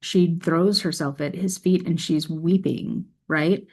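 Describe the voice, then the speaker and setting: A woman with a deep, mellow voice reads a scripture passage and then talks it through in an earnest, reflective way. Her delivery stays conversational, with a gravelly edge of vocal fry running through it. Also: slow pace. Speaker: faith video creator. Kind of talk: scripture reading and reflective talk.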